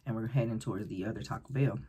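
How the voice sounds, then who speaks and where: Breathy raspy woman rambling through a story time between bites, keeps restarting sentences. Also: a bass voice, quick pace. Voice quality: very breathy, husky. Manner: animated, acts out quoted voices, rambling restarts. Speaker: vlogger. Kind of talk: casual storytelling while eating.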